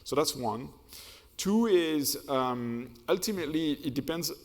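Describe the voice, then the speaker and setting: A man's voice: a little high, expressive, measured pace. A man answering a question on a conference panel, hesitant, with many fillers and restarts. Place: conference hall. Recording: reverberant conference hall.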